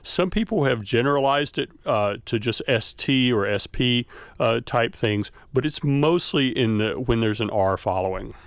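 A middle-aged man explaining features of speech as an expert guest in a radio interview, pausing often with "uh". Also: medium pitch, expressive, dry recording. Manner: explanatory, with frequent "uh" fillers.

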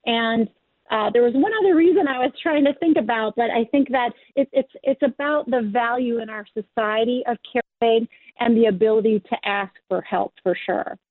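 A woman's voice: on the high side, moderate pace, no room sound. Earnest woman, um-ing as she thinks, dry phone-line sound. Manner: earnest, thinking aloud with fillers. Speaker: guest, task force member. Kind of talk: interview answers.

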